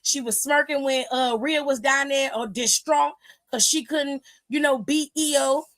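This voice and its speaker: A woman host giving a sassy, gossipy recap of a wrestling show in casual chat, retelling it with lively energy. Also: high-pitched, unhurried. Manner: sassy, gossipy, exclaims "child" often; animated retelling with lively quoted voices. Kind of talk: casual chatty commentary.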